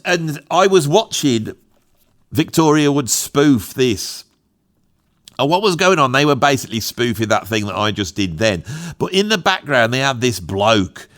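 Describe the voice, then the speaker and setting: A man's voice: mid-range voice, sing-song, normal speed, a bit bright. A middle-aged English man talking off the cuff in a rambling, self-mocking vlog. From England. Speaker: YouTuber, musician. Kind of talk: rambling unscripted vlog monologue.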